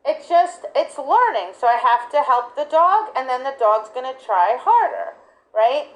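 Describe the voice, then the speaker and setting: A middle-aged woman who trains dogs explains her approach in a relaxed, teacherly chat, with a voice that sits somewhat high. She keeps the listener engaged with "right?" and "guess what?". When she acts out praising a dog, her pitch shoots up with bright enthusiasm. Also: a little slow, poor audio. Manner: lively, jumps high for praise. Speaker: dog sports trainer and instructor. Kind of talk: casual teaching talk.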